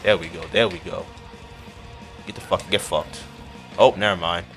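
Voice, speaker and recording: A man giving profane live commentary over his own gameplay, muttering one moment and yelling the next. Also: deep voice, steady tone, normal speed, vocal fry, faint music behind. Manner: profane, reactive, swinging between muttering and yelling. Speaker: gaming commentator.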